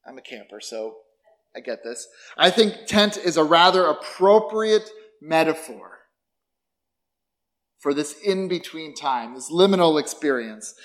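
Expressive middle-aged male pastor preaching. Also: fairly high pitch. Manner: conversational and expressive, with rhetorical questions and self-deprecating asides. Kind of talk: sermon.

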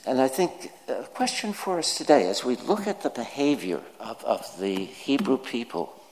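A man's voice: mid-range voice, sing-song, moderate pace, darkish tone, slight background noise. A man preaching a sermon, telling jokes and stories and acting out the quoted lines. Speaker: pastor. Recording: reverberant hall.

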